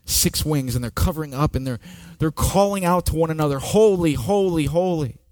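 A man preaching a sermon with slow, dramatic delivery, dropping to near-whispers and rising to loud peaks. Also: fairly high pitch, no room sound, studio quality. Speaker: pastor.

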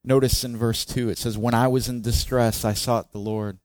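Guy preaching a sermon, chatty, asks the room questions, gets loud acting out cries, dry close sound. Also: mid-range voice, moderate pace, no echo. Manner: expressive, acts out the psalmist's cries with raised voice; conversational, asks the congregation questions. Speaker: pastor.

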